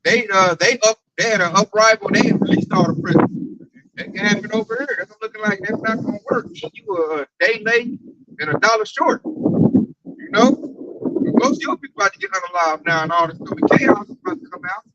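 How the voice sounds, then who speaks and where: A man in a casual group discussion, animated and slangy, often tagging his sentences with "man". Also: high-pitched, a little fast, muffled recording, heavy background noise. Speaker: camp group member.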